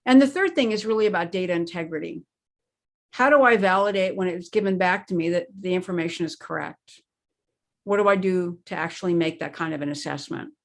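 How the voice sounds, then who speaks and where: A woman's voice: lowish voice, a little fast. A woman speaking as an expert interview guest, explaining her points in an emphatic conversational way and leaning on key words. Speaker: guest expert on crisis planning.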